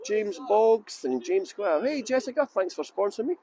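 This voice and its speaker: A man's voice: high-pitched, sing-song, normal speed, dark tone, slight background noise. A middle-aged tour guide chatting casually on a livestream outdoors in a busy city, joking and rambling as he greets viewers by name into a handheld phone.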